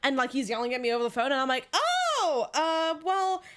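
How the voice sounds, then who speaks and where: A young woman with a non-local accent, chatting casually as a podcast co-host and telling stories. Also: rapid-fire. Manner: animated, jumps into high voices when quoting. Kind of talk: casual chat and storytelling.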